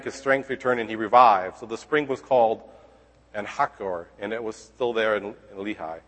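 A man leads a relaxed Bible lesson, moving between reading scripture aloud and retelling it in his own casual words. He keeps checking in with his listeners and drops in wry comments along the way. His mid-pitched voice carries a long, trailing reverb, as if he were speaking in a large hall. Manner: conversational, checks in with listeners with frequent "okay?". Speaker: Bible teacher.

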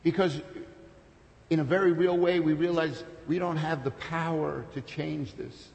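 A man preaching a sermon with passion, building to loud peaks and then dropping to soft, intimate storytelling. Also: fairly high pitch, steady tone, unhurried, gravelly, lo-fi sound. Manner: impassioned, builds to shouts, then drops soft. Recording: long hall reverb.

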